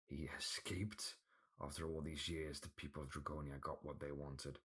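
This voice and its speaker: A man voicing a furious male dark wizard with a dark voice, speaking slowly and with menace in a storybook reading. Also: extremely low pitch, little pitch movement, slightly rough, exaggerated voice. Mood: menacing. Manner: slow, menacing.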